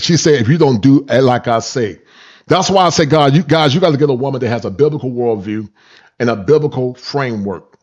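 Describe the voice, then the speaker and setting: A man's voice: mid-range voice, muffled recording. A man hosting a reaction commentary, preachy and repetitive, mocking the people he reacts to. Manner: preachy, repeats words, mocking impressions. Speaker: commentary channel host reacting to clips.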